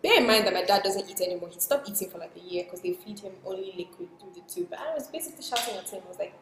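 A woman in casual podcast chat, telling a personal story in a soft, reflective way that trails into quiet asides. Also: medium pitch, expressive, racing, hardly any pauses, background noise. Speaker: guest sharing a personal story. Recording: roomy with long reverb.

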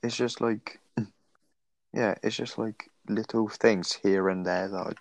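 A man's voice: fairly low pitch, steady tone, slow pace, vocal fry, no room sound. A young man, rambling through stories full of swearing and fillers as co-host of a casual late-night podcast.

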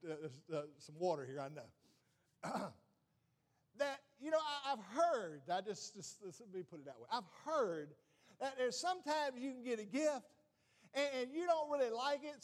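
A middle-aged male pastor preaching a sermon with emphasis, often saying "watch this" and putting questions to the congregation. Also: high-pitched.

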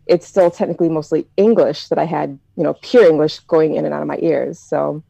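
American woman, mellow low voice, dry close sound, chatty storyteller in a group talk. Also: fairly even intonation, a little fast, creaky, no echo, dull audio. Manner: chatty, reflective storytelling with many fillers. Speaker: discussion participant. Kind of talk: casual group discussion.

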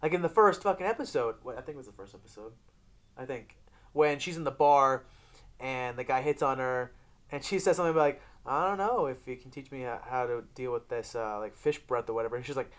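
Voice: mid-range voice, fairly quick. Rambling, profane podcast co-host. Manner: profane, rambling, with animated retellings. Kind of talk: casual chat reviewing a TV series.

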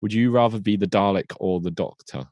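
A man's voice: on the low side, brisk, darkish tone, no echo, clean studio sound. A man co-hosting a podcast, chatting casually in a teasing way and laughing easily. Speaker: podcast co-host. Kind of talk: casual chat about a TV show.

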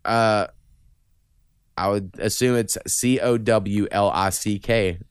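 Profane young man, crisp and dry. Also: on the low side, steady tone, takes it slowly, dry recording. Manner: profane, rambling storytelling. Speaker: podcast host. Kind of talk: casual podcast chat.

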